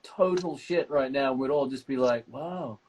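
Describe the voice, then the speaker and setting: A man's voice: medium pitch, moderate pace, a little mellow, low-quality recording. A man banters and teases on a live video call, full of jokes. His voice sits in an ordinary middle range. A faint hiss sits behind him. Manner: teasing, jokey, banters freely. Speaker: actor co-hosting a live stream.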